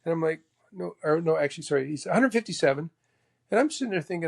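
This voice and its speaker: A man from Canada, a former tour golfer, telling stories as a guest in a lively, casual way, acting out quotes with sudden exclamations. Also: a little high, fast talker, vocal fry. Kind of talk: casual storytelling.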